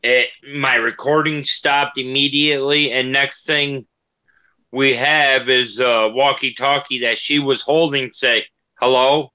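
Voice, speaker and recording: A man's voice: medium pitch, fairly even intonation, measured pace, bright, forceful tone, smooth. A man, a paranormal investigator, telling ghost stories in a matter-of-fact way during a casual livestream chat.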